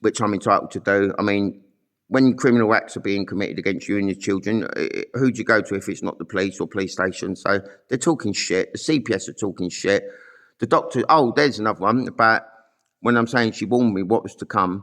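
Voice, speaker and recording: A man's voice: fairly low pitch, fairly quick, fairly bright tone. Blunt sweary man. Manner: blunt, sweary, rambling with many fillers. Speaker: vlogger telling his own story. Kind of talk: angry monologue to camera.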